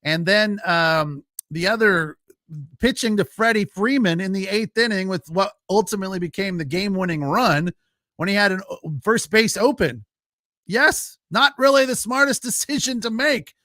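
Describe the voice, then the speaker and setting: Guy doing a solo postgame sports recap, chatty and loose, bright crisp voice, dry close mic. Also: sits high, normal speed, no echo. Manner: casual, chatty, frequent fillers, laughs easily. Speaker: sports podcast host. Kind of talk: solo postgame recap reading live chat.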